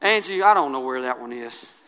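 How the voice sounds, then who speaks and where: A man preaching a sermon, colloquial and impassioned, swinging from hushed asides to loud declarations. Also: mid-range voice, lively intonation, fairly quick, a little hiss or hum.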